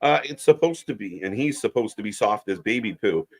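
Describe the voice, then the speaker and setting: A man's voice: on the low side, animated, fairly quick, darkish tone. A man co-hosting a live wrestling stream in a laid-back, casual way, reading out chat comments and laughing often.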